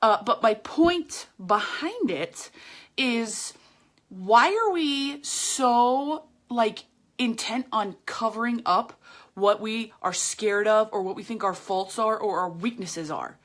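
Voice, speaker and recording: A woman's voice: fairly high pitch, animated, takes it slowly, a bit bright. A woman hosting her own podcast, giving a chatty, emphatic motivational monologue full of slang, talking straight to the camera. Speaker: podcast host. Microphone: camera, speaking to viewers.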